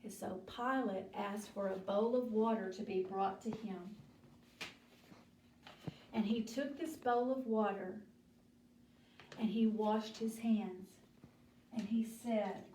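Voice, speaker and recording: Slow, echoey woman telling a Bible story. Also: medium pitch, steady tone, mellow, slight background noise. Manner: dramatic storytelling with acted voices. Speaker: children's Bible teacher. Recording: echoey room from far off.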